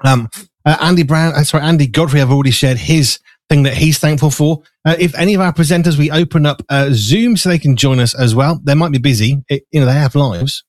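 A slightly higher-voiced man hosts a live studio show, talking in a loose, rambling way full of fillers. He sounds a little out of breath. The sound is dry and close. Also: fairly quick, dry recording. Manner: chatty, rambling with fillers, eating while talking. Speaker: show host. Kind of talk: casual live studio chat. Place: small studio.

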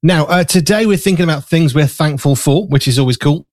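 A man's voice: a little high, brisk, dry recording. A man hosting a live studio chat show, rambling with fillers while eating and a bit out of breath. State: slightly out of breath. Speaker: show host. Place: small studio.

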